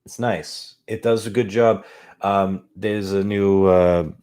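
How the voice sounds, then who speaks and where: A man's voice: sits low, steady tone, takes it slowly, darkish tone, clean tone. A man hosting his own podcast, rambling casually and swearing now and then as he talks into a desk microphone. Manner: rambling, profane, self-deprecating. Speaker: podcast host. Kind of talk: casual stream-of-consciousness talk. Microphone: desk USB mic on boom arm.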